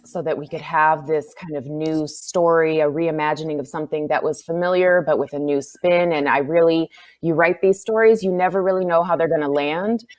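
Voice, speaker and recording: A woman author giving an unscripted acceptance speech, gushing and emotional, halting with many fillers. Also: deep voice, a little mellow. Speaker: award-winning author.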